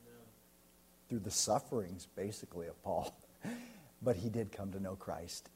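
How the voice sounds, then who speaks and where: An American man, a pastor, preaching a sermon and telling a story, swinging from loud to hushed. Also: sits low, moderate pace. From United States.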